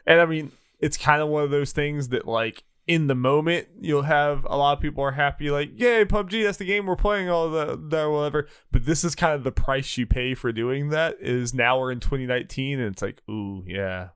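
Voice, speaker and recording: A man chatting casually as a podcast co-host, rambling and restarting his sentences, packing in filler words. His voice is smooth and clear, recorded close and dry with no room sound. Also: on the high side, fairly even intonation, fairly quick, hardly any pauses, no room sound. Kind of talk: casual chat.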